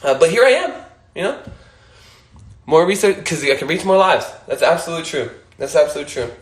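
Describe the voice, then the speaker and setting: Emphatic, lively-voiced man in an echoey room. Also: fairly high pitch, quick pace. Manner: emphatic, swears casually, laughs often, repeats points. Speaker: Instagram Live host. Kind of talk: motivational casual monologue.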